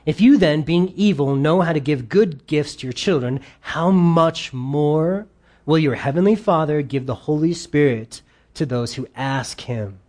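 A pastor delivering a sermon in an emphatic style. Key words get loud, pointed stresses before the voice falls back to quiet asides. Scripture passages are read aloud between stretches of explanation. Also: medium pitch, a little slow.

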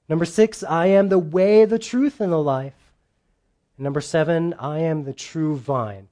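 A man's voice: fairly high pitch, a little slow, warm tone. A man who is a pastor, preaching an earnest, conversational sermon and checking in with his listeners.

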